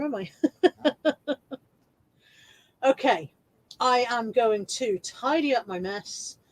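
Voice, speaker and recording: A woman's voice: fairly high pitch, poor audio. A woman chatting casually on her regular live stream, laughing often and joking at her own expense.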